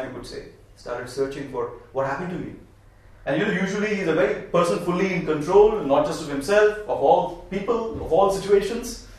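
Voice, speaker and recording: Male spiritual speaker, fairly high-pitched, emphatic storyteller, recorded far off in a very echoey room. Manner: animated, emphatic, with repeated phrases. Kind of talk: storytelling talk.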